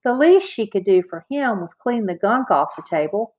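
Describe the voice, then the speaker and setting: A woman narrating a children's chapter book aloud in a clear, expressive read-aloud manner. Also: mid-range voice, normal speed. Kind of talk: children's audiobook reading. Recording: slightly dull, lo-fi recording.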